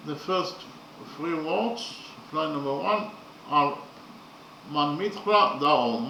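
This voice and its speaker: A man lecturing slowly and methodically, often pausing with fillers as he works through his points. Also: fairly high pitch, bright, forceful tone, a little hiss or hum. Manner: slow, methodical, hesitant with frequent fillers. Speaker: literature teacher. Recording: echoey room.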